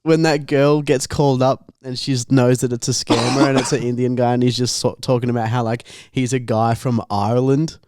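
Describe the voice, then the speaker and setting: A man's voice: medium pitch, little pitch movement, fairly quick, hardly any pauses, a little mellow, no room sound. A young man co-hosting a podcast, telling rambling stories in casual chat, swearing freely. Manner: swears freely, rambling storytelling, laughs often. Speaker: podcast co-host.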